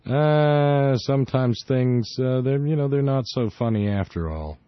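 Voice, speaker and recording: A man's voice: mid-range voice, a little slow, dry recording. Man, radio host, rambling, opinionated, dry dull studio sound. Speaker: radio talk show host. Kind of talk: casual call-in radio talk.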